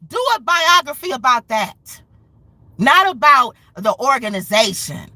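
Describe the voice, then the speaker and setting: A woman's voice: sits high, very animated, a little slow, bright, forceful tone, dry recording. A woman hosting a commentary show, speaking in an impassioned, angry, emphatic rant. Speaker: show host.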